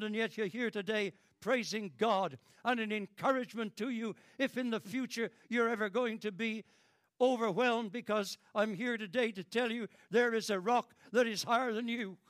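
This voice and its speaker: A man's voice: moderate pace, a bit bright, no echo, clean studio sound. An older British man preaching a fervent sermon, repeating phrases and swelling in emotion. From Britain. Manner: fervent, repetitive, dramatic rises in pitch and volume.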